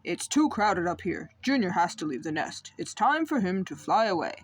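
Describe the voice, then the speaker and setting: A woman reading a picture book aloud, voicing a calm father bird who talks in a steady, matter-of-fact, reassuring way. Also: lowish voice, moderate pace, slightly rough.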